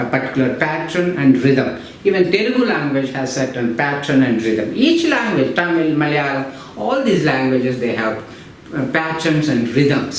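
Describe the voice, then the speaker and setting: A man, giving an explanatory lesson in a lecture style, repeating himself and restarting phrases. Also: a little high. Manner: explanatory, repetitive, frequent fillers and restarts. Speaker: English teacher. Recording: very echoey room with faint noise.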